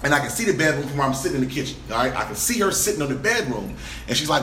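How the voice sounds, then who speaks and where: A man on a podcast, telling a story in an animated, profane way and laughing as he goes. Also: mid-range voice, racing, echoey room, slight background noise. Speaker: podcast guest. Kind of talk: storytelling, casual chat.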